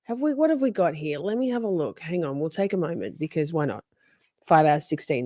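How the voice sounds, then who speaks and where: A woman's voice: low-pitched, very animated, normal speed, long pauses, dark tone, no room sound, clean studio sound. A woman hosting a livestream, chatting casually with her viewers in a playful, mock-offended way and laughing often. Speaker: livestream host commenting on a trial. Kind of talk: casual chat to a live chat.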